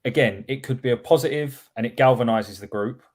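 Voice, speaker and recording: A man co-hosting a live podcast, talking through his points in a measured, analytical way. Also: mid-range voice, a little mellow. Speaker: podcast co-host. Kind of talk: casual live-stream chat.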